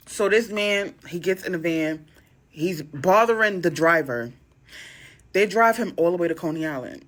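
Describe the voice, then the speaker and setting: Woman, storytime vlogger, animated and dramatic, quotes in a high voice. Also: normal speed. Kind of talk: casual storytime monologue.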